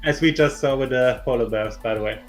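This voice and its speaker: A man's voice: medium pitch, a little fast, faint music behind. A man from Germany co-hosting a podcast, dry and hesitant with "uh" fillers. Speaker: podcast co-host. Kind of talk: casual news commentary chat.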